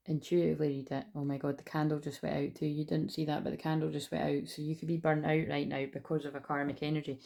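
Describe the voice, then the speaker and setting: A woman giving a casual spiritual card reading at home, chatty and rambling with excitable asides. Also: low voice, gravelly. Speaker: tarot reader. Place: at home indoors.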